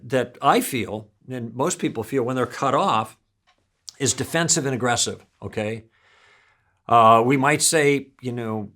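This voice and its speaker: A man teaching a practical lesson in a calm, friendly way, often acting out sample lines. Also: mid-range voice. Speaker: instructor. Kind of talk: instructional talk.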